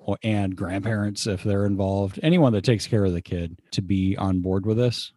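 A man co-hosting a casual podcast, reading a parenting article aloud with relaxed asides. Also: lowish voice, moderate pace, dry recording. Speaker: podcast co-host. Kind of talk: casual chat.

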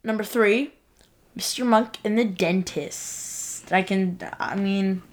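A woman's voice: mid-range voice, takes it slowly. A young woman co-hosting a casual podcast, giving short, blunt verdicts. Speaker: podcast co-host. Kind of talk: casual chat.

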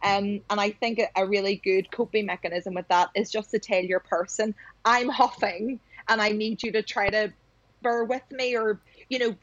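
A woman's voice: medium pitch, fairly even intonation, moderate pace, no echo. A woman hosts a casual podcast and tells candid, confessional stories. Her voice sounds dry and slightly dull, like a lo-fi recording. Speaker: podcast host.

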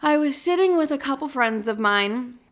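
A woman's voice: sits high, expressive, moderate pace, a bit bright. A young woman hosting her own podcast, talking alone in a brash, profane, self-mocking way. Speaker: podcast host. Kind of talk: casual solo podcast monologue.

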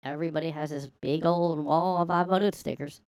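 A man's voice: fairly high pitch, fairly even intonation, fairly quick, a little mellow, clean tone, no room sound, pitched above the performer's own voice, lightly acted. A man putting on the voice of a boastful older woman with a Southern accent who calls people hun. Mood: folksy boastful. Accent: American Southern, put on. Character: older Southern woman proud of her sticker wall.

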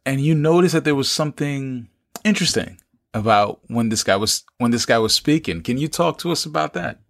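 A man's voice: medium pitch, animated, a little fast, gravelly. Man host asking probing questions. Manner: probing questions, recaps the guest's points, joking. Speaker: interview host. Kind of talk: conversational interview.

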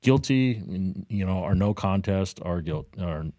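A man's voice: unhurried, dry recording, clean studio sound. A man co-hosting a podcast, telling a story in casual banter and acting out the voices of the people in it. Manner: animated, acts out quotes with a higher voice. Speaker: podcast co-host. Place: Daytona Beach, Florida.

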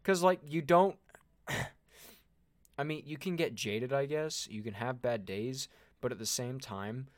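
A man's voice: mid-range voice, slow pace, no echo. A man co-hosting a podcast in casual chat, rambling and hedging as he talks. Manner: rambling, hedging, self-interrupting. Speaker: podcast co-host.

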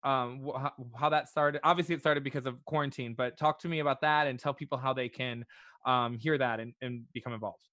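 A man's voice: medium pitch, steady tone, brisk, bright, forceful tone, dry recording. A man hosting a podcast interview in a casual, chatty way, often restarting his sentences. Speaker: podcast host.

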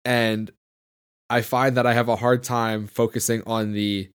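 A man's voice: mid-range voice, little pitch movement, measured pace, clear, resonant tone. A man in casual conversation, easygoing and joking, talking about reading comments on his videos.

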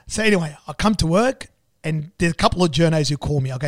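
An Australian man, a business owner, telling a story in an animated, repetitive way and acting out the dialogue. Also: on the high side, fast, dry recording, clean studio sound. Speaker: business owner and club sponsor. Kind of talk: storytelling in conversation.

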